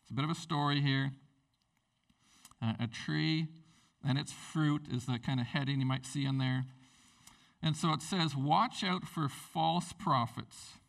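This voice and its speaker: A tired man preaching a sermon in an animated, rambling way, jumping up in pitch to stress his points. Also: moderate pace, creaky, long pauses, distant mic, low-quality recording. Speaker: pastor.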